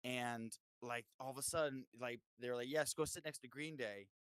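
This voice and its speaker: A man's voice: medium pitch, normal speed, clear, resonant tone, no room sound. A man, a musician guest, telling stories in a casual interview, swearing freely and acting out other people's lines. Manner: animated storyteller, swears, acts out voices with lots of "like".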